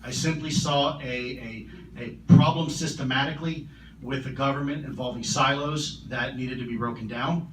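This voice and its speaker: A man answering audience questions at a conference, earnest and measured, often repeating his words. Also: medium pitch, steady tone. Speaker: conference keynote speaker. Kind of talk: public Q&A answers. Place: large conference hall. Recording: roomy hall, distant mic, noisy.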